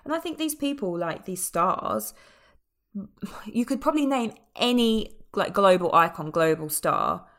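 A woman's voice: mid-range voice, measured pace. A woman co-hosting a podcast, chatting casually about a film with lots of fillers and the odd swear word. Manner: animated, swearing, many fillers. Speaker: podcast co-host. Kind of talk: casual film review chat.

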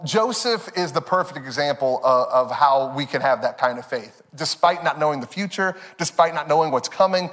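A man in his thirties, a pastor preaching a sermon, telling family stories with frequent laughs and fillers. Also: on the high side. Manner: animated, laughing through stories, many fillers. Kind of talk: sermon with personal storytelling. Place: church sanctuary. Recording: long reverb of a church hall.

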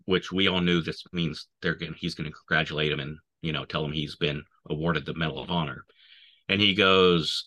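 A man's voice: rumbling low, fairly even intonation, brisk, sharp tone. A man, an army veteran, telling war stories casually and swearing constantly.

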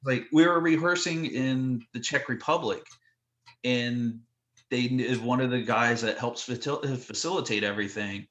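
A man telling animated stories in a relaxed interview, tossing in fillers as he goes. His voice sits at a middle pitch, and the room adds a noticeable echo. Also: moderate pace. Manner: animated, lots of "like" fillers, acts out quotes. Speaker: guest telling tour stories. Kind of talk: casual storytelling in a podcast interview. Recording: roomy echo.

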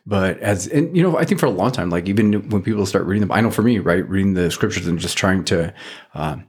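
Low-voiced man hosting a faith podcast. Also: expressive, quick pace, husky. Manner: rambling, with many fillers and restarts. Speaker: podcast host. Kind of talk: casual faith podcast chat.

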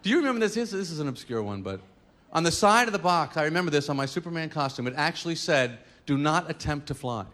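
A man tells a personal story in casual chat, laughing now and then and clearly amused. His voice sits a little high, with a faint noise underneath. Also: sing-song, fast, fairly bright tone. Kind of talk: anecdote told in casual chat.

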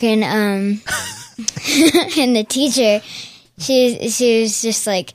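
Slow, giggly woman podcaster. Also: mid-range voice, steady tone, no room sound. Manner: giggly, laughs often. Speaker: podcast co-host. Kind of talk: casual show recap chat.

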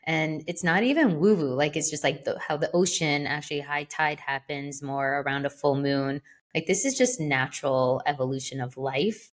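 A woman's voice: low voice, normal speed. A woman co-hosting a podcast in casual chat, rambling along with lots of "like" and "you know.". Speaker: podcast co-host.

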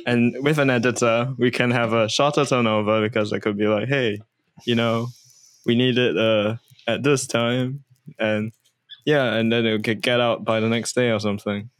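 A man's voice: mid-range voice, fairly bright tone, no room sound. A man in casual podcast banter, joking, swearing and tripping over his words. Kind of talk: casual chat.

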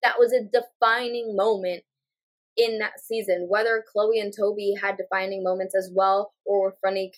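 A woman's voice: medium pitch, flat delivery, normal speed. A woman co-hosting a podcast, reasoning aloud in casual chat with many fillers. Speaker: podcast co-host.

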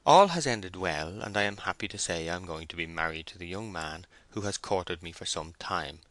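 A man gives voice to a naive, hopeful young woman in an audiobook, reading out her letter. He reads politely and earnestly in a deep, bright voice. The sound is dry and close. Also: lively intonation, normal speed, no room sound.

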